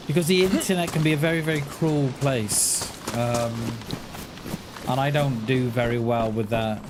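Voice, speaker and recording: A man in his forties chatting casually on a gaming livestream, rambling and halting, often restarting his words and answering his viewers in a friendly way. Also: medium pitch. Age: 40s. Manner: talks back to chat in a friendly, reassuring way. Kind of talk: casual livestream chat while playing. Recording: noisy home stream recording.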